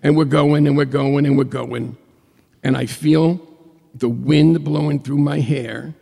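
An older man telling a comic personal story, animated and acting out the dialogue. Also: a little high, measured pace, creaky, husky. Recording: long hall reverb.

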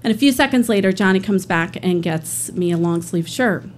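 Earnest woman telling a personal story. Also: fairly low pitch. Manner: earnest, conversational, slowing at emotional moments.

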